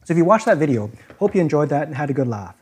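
A man's voice: a little high, sing-song, racing, a little mellow, slightly rough. A man preaching a sermon in an earnest, explanatory way, often repeating himself to stress a point. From Chinese community.

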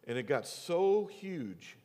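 A middle-aged man preaching as a pastor tells a personal story slowly, in a sing-song way, his voice a little high with a darkish tone. He acts out the voices of the people in it and drops to a near whisper for emphasis. It's recorded in a reverberant church sanctuary.

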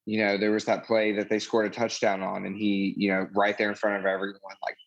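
A man's voice: fairly low pitch, monotone, quick pace, highs cut off. A man co-hosting a casual sports podcast, rambling and full of "you know" fillers.

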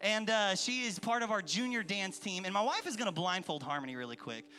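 Kids' pastor, a man with a high, bright, animated voice, booming through a big reverberant hall. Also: a little fast. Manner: animated, playful, acts out voices and calls to the crowd. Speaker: children's pastor. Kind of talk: lively kids' church sermon with storytelling. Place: large church hall with an audience.

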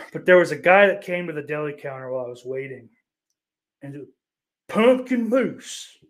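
Male streamer, sarcastic profane ranter, slightly high voice, roomy echo. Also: animated, normal speed. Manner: sarcastic, profane, bursts into mocking yells. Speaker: streamer reading chat comments. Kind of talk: casual crude rant.

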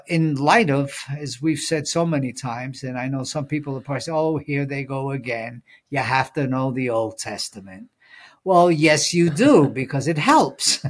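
A man co-hosting a Bible study podcast, talking things through thoughtfully with many fillers and reading scripture aloud. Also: on the high side. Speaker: podcast co-host. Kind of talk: casual Bible study discussion.

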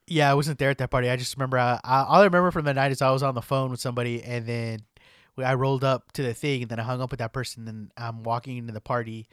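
A young man, chatting on a podcast in a slangy, profane, animated way. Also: medium pitch, racing, clear, resonant tone, no echo, studio quality. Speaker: podcast host. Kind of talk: casual storytelling chat.

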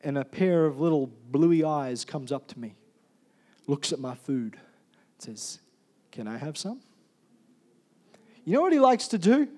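A male pastor preaching a sermon, swinging from loud emphatic calls to soft, quiet storytelling. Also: fairly high pitch, expressive, normal speed.

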